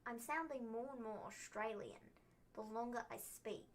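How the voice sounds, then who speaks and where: A young woman hosting a casual livestream recap, firing off animated questions. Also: fairly high pitch. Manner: animated, quick rapid-fire questions. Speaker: wrestling recap host.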